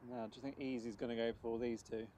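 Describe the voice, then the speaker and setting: A man's voice: medium pitch, flat delivery, fast, dark tone, a little hiss or hum. Chatty man spotting planes outside. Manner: chatty, greets viewers and banters. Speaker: plane spotting stream co-host. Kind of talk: casual live commentary. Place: outdoors beside an airport runway.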